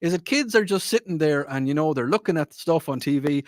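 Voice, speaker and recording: A man's voice: fairly high pitch, expressive, a little fast, no room sound. Man, radio host, casual rambling storytelling, dry close mic. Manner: rambling storytelling with many restarts.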